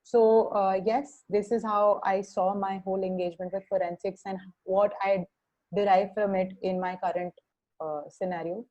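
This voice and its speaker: A woman's voice: mid-range voice, little pitch movement, dark tone, lo-fi sound. Hesitant Indian woman giving a webinar talk. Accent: Indian English. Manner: halting, many fillers and restarts. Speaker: webinar speaker, criminal justice social worker.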